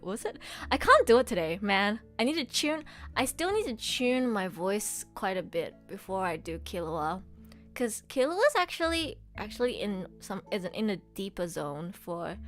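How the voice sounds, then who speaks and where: A woman voice actress chatting casually on a livestream, excitable and gushing, laughing often. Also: medium pitch. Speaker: streamer and voice actress.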